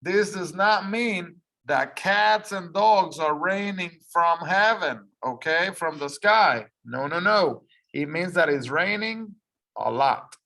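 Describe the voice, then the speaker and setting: Slow, patient bright-voiced ESL teacher. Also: medium pitch, animated. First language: Spanish. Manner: patient, repeats instructions, explains step by step. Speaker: English teacher. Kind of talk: ESL lesson, reading aloud for repetition.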